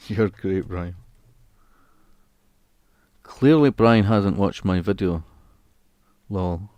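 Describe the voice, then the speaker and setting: A man's voice: deep voice, drawn-out words, long pauses, darkish tone, dry recording, dull audio. A man chatting casually on a live stream, reading out comments and joking at his own expense. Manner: jokey, laughs at his own attempts at accents.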